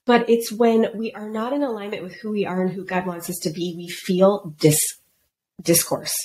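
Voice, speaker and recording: Brief: middle-aged woman coach, lively storyteller, mimics quoted voices, faint hiss behind. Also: medium pitch, normal speed. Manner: animated, acts out quoted voices. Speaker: guest, business coach. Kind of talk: casual podcast storytelling.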